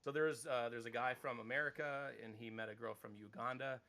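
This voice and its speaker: A man in his thirties co-hosting a podcast in casual chat, rambling and animated, with casual swearing. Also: mid-range voice, fairly quick.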